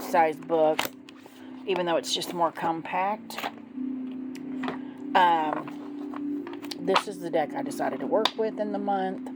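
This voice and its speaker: Woman vlogger: low voice, unhurried, chatty and sleepy, loud music underneath. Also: poor audio. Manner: chatty, gushing, rambling. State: yawning, sleepy. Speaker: tarot deck reviewer. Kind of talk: casual vlog chat.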